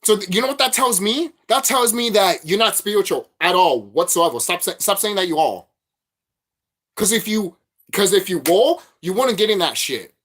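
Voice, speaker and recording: A man's voice: sits high, lively intonation, moderate pace, a bit bright. A man vlogging a profane, repetitive spiritual rant, preaching straight at his viewers.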